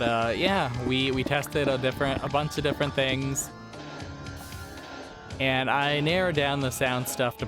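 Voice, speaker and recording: A man hosting a casual let's play, rambling and self-deprecating as he plays. He is losing his voice. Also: medium pitch. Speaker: gaming channel host. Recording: game music playing under voice. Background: game music.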